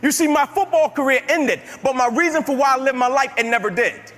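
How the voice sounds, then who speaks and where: A motivational speaker addresses an audience live in a large hall, speaking emphatically and building his points through repeated phrases. His voice is very high, a bit bright, and fairly quick, and the recording is reverberant with music underneath.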